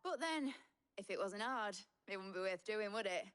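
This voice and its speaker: A woman's voice: mid-range voice, lively intonation, normal speed, a bit bright, lightly acted. Game role, a woman voicing her: young captain, brash and cheerful. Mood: cheeky. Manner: cheeky, breezy.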